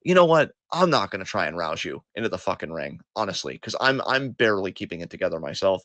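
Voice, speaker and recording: A man co-hosting a podcast, talking in a fairly low voice. He rants with passion and heavy swearing, mixing anger with self-deprecation. The sound is dry and close, with no room echo. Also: sing-song, quick pace, a bit bright. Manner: impassioned, profane ranting. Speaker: podcast co-host. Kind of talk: casual podcast monologue.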